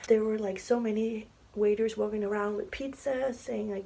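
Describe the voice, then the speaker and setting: A woman's voice: medium pitch, steady tone, moderate pace, creaky, hardly any pauses, warm tone, slight background noise, low-quality recording. A young woman telling a story on her vlog in a chatty, casual way, full of fillers and often dropping into a whisper. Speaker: vlogger. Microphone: camera mic, sitting to film.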